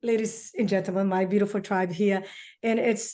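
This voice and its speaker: A woman's voice: mid-range voice, steady tone, normal speed, dark tone. A woman real estate coach hosting an interview, effusive and emphatic, telling stories about her client. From outside the US.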